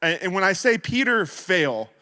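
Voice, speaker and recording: A man in his thirties giving a sermon as guest speaker, telling stories in a playful, animated way. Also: high voice, normal speed. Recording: reverberant hall.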